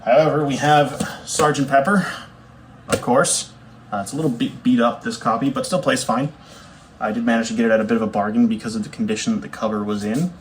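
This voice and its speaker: A man's voice: medium pitch, fairly even intonation, a little fast, a little hiss or hum. Easygoing young man rambling. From Canada. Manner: rambling, easygoing, self-correcting with fillers. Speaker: bassist showing his record collection. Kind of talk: casual chat to camera.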